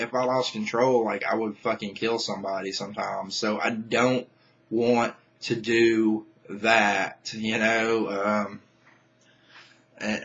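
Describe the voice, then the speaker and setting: A man's voice: lowish voice, a bit bright, lo-fi sound. A young man venting to camera in a casual vlog rant, angry and profane, rambling with many restarts. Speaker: vlogger.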